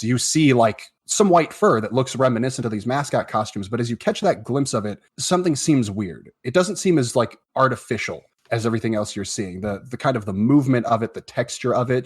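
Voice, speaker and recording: A man's voice: medium pitch, slightly rough. A man running a tabletop game as game master, describing the scene with frequent fillers and restarts. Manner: hesitant, many fillers and restarts.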